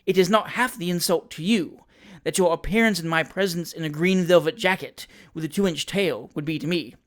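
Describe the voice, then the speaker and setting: Mr. Pickwick, a stout older gentleman, dignified and stern, every word weighed, as a reader puts him on. An audiobook character voice with formal, emphatic delivery. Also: medium pitch, moderate pace, lightly acted. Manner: stately and emphatic.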